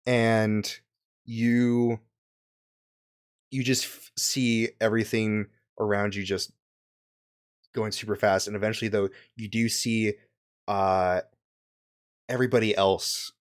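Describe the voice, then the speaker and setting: A young man narrating a tabletop game as game master, halting with many fillers and restarts. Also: lowish voice, a little mellow, smooth.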